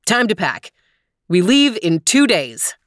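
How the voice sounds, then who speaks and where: A woman's voice: mid-range voice, big pitch swings, slow, a bit bright, no room sound, studio quality. A woman reading as an eager dad with big plans. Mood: playful. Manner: upbeat, persuasive. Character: cheerful scheming dad full of big ideas.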